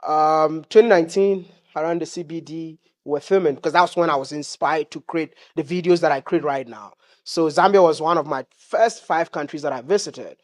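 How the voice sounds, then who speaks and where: A Ghanaian man tells a story in a loose, chatty interview style. His voice sits a little high for a man, and he drops in casual fillers along the way. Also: moderate pace. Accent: Ghanaian English. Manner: relaxed, uses fillers like um and bro. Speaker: travel vlogger.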